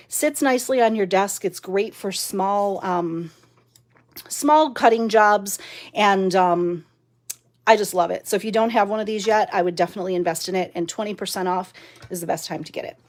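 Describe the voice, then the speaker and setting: A woman leading a chatty live-stream craft demo from her home craft room, laughing often and using lots of fillers, recorded by a mounted camera. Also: mid-range voice. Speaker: card-making demonstrator.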